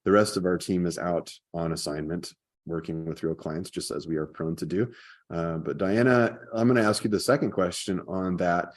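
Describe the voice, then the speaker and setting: A very deep-voiced man hosts a podcast in relaxed conversation. He talks easily and drifts into stories from his own life. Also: normal speed. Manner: storytelling, easy and chatty. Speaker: podcast host. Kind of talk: casual chat.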